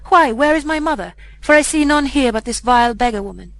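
A woman's voice: fairly high pitch, brisk, close to an everyday voice, poor audio. A woman reading the part of a proud, scornful young boy in a storybook, with a haughty, cold delivery.

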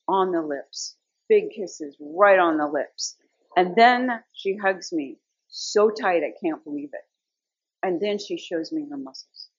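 An older woman with a husky, breathy, fairly low voice shares a rambling personal faith testimony, stopping often on little fillers. The recording is dry and a bit dull, like a modest lo-fi setup. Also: no echo. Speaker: Bible study teacher.

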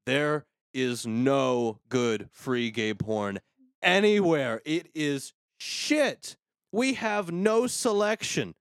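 A man hosting a casual comedy podcast, ranting in a crude, sarcastic way. His voice sits at an ordinary middle pitch. The sound is close and dry, with no room around it. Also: animated, extremely slow, no room sound. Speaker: podcast host.

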